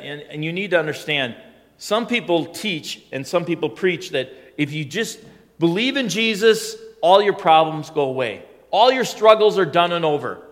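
Conversational pastor in an echoing hall. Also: male voice, a little high. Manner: conversational storytelling, rising to emphatic. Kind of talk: sermon.

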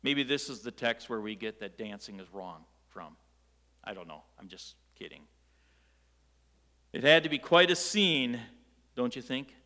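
A man preaching a sermon, telling the story in a lively way with rhetorical questions and light jokes. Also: mid-range voice, measured pace, pauses often, in a large hall. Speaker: pastor.

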